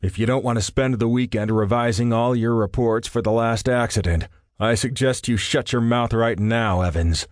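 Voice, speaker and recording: A man's voice: medium pitch, moderate pace, dry recording, clean studio sound, lightly acted. A man voicing a stern, authoritative male agent in charge. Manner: curt, authoritative. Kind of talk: audiobook character voice.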